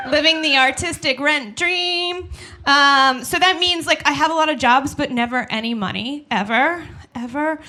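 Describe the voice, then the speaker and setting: Young woman, stand-up comedian, high voice, chatty and self-deprecating, acts out quoted voices. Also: sharp tone. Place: small studio with live audience.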